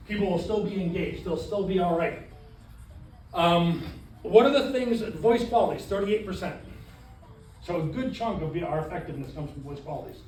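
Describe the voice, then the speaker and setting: A high-pitched man leads a training class, animated and quick to quiz the people in front of him. He is caught from across an echoey room, with a faint hum of room sound behind him. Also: far from the mic. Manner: animated, asks the room questions. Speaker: sales trainer.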